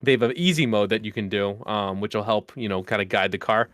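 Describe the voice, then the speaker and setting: A middle-aged man co-hosting a podcast, excitable and quick to laugh, with lots of fillers. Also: fairly low pitch, no room sound, clean studio sound. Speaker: podcast co-host. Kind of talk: casual chat.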